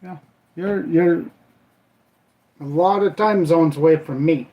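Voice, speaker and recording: Cooking while he talks, a livestream host from Minnesota, USA, rambles casually in folksy fashion, often letting sentences fade out with "I don't know." He's an older man with a fairly high voice who takes things slowly, and the audio sounds muffled.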